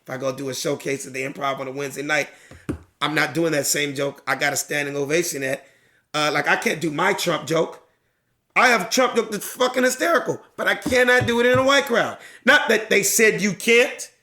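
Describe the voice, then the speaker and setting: A man's voice: a little high, brisk, pushed and bright. A middle-aged male stand-up comedian telling stories in a casual podcast chat, acting out crowd voices and swearing freely.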